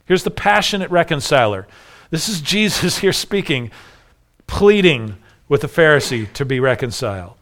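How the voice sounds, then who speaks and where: A man's voice: on the high side, animated, moderate pace, a bit bright. A man preaching an earnest expository sermon, acting out the voices in a parable as he explains it. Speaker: pastor.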